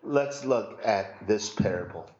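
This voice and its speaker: A male pastor preaching a sermon, telling a parable in a lively, humorous storytelling way and acting out the quotes. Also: lowish voice, slow pace, roomy sound, muffled recording.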